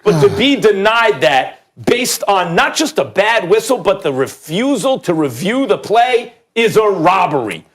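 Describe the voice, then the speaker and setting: A man's voice: high voice, very animated, a little slow, few pauses. A middle-aged man in a heated sports debate, arguing his point with a string of rhetorical questions.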